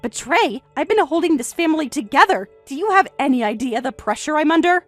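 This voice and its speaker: With lively intonation and a brisk pace, a woman performs a shrill, insistent middle-aged mother, frantic and defensive, raising her voice over faint music. There's no echo.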